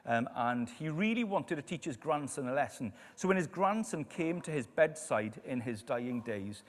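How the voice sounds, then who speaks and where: A man preaching a sermon in a church, telling stories and dropping to quiet emphasis on key lines. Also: medium pitch, normal speed. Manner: storytelling, lively, drops to quiet emphasis. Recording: echoey church hall.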